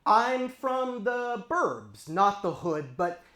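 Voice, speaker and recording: A man's voice: high voice, sing-song, extremely slow, roomy sound, heavy background noise. Self-deprecating male stand-up comic. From eastern Los Angeles County, US. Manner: conversational, self-deprecating, addresses the crowd directly. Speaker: stand-up comedian. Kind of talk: stand-up comedy set. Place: comedy stage before a live audience.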